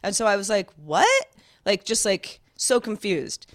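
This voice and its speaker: A woman co-hosting a podcast, telling a story in casual chat and acting out the quotes in a higher voice. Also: normal speed. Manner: animated, acts out quotes in a higher voice. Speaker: podcast co-host.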